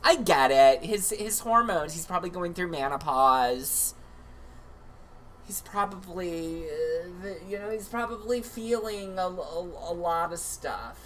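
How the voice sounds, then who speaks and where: A man's voice: high-pitched, expressive, measured pace, fairly bright tone, slight background noise. A man hosting a livestream, chatting in a campy, comedic way with lots of asides. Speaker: livestream host. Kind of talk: casual comedic commentary.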